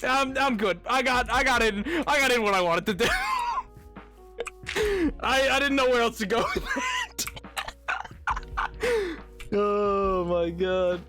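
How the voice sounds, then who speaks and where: A man's voice: very high voice, wildly swooping pitch, slow, long pauses, pushed and bright, soft background music. A man streaming a game, chatting casually with his viewers while laughing a lot and stammering over his words. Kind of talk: casual game livestream chat.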